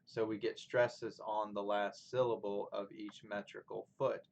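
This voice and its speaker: A man's voice: fairly low pitch, little pitch movement, unhurried, gravelly, slight background noise, poor audio. A man lecturing on poetry to a class, explaining with fillers and restarts. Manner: reads poems aloud with stressed rhythm, louder than his talk. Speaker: literature lecturer. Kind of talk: recorded lecture with poetry reading.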